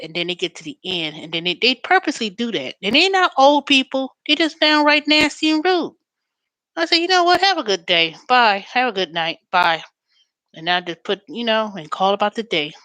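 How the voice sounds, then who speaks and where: A woman talking casually as a show host, rambling through stories in a relaxed, chatty way. Her voice sits at an ordinary middle pitch, and she gets animated when she mimics the people she deals with. The sound is dry and close, with no room echo. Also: brisk. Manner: chatty and storytelling, animated when quoting callers. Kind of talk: casual chat.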